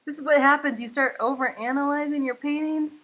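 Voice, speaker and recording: A woman hosting a live painting stream from home, chatting casually, reading viewer comments aloud and thinking out loud as she paints. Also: high voice, steady tone, a little fast. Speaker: livestream painting host. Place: home, indoors.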